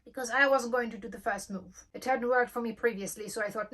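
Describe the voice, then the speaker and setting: Young woman vlogger, slightly high voice, lively storyteller. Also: brisk. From Germany. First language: German. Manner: lively storytelling, acting out quoted dialogue. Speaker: channel host. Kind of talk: storytime vlog.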